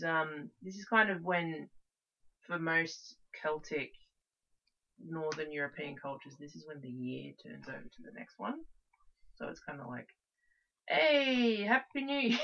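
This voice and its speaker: A woman's voice: deep voice, vocal fry. A woman co-hosting a casual podcast, rambling through folk stories and acting out the quotes, on a dull lo-fi recording. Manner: animated, rambling, acts out quotes. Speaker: podcast co-host. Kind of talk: casual chat, storytelling.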